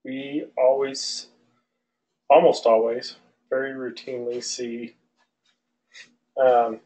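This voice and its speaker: Man, aviation instructor, online class lecture, slow and easygoing, restarts often. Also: medium pitch, low-quality recording. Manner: relaxed, loose, many fillers and restarts. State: out of breath.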